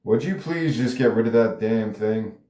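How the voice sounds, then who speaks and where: A man's voice: lowish voice, animated, normal speed, warm tone, lightly acted. A man reading the part of a friendly male actor who posed as a gangster, talking in a pleading, easygoing way. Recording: roomy echo.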